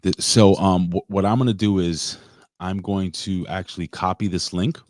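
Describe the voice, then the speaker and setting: Very deep-voiced man, emotional and rambling. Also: steady tone, normal speed, a little mellow, dry recording, studio quality. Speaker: co-host. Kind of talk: casual livestream chat.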